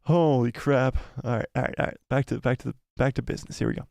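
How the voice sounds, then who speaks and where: A man hosting a live watch-party stream, chatting excitedly, exclaiming and repeating himself. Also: mid-range voice, quick pace, creaky, no room sound. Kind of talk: live watch-party chat, reading viewer comments.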